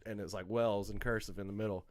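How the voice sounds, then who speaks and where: The voice is a man from North Carolina, hosting a laid-back podcast chat. He spins a long story with animated, profane energy, swearing as he goes. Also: fairly low pitch, fast talker. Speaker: podcast host.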